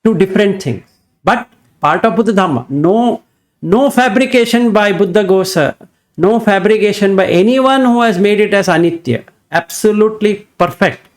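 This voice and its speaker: High-voiced man giving an emphatic dharma talk. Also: moderate pace. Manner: emphatic, asks rhetorical questions. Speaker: Buddhist dharma teacher.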